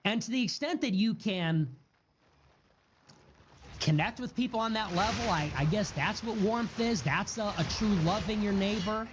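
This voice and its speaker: Speaking at a moderate pace in a high register, this male political streamer rants heatedly, piling up repeated words as the rhythm builds and breaking into curses. Background noise runs under the dull, lo-fi audio.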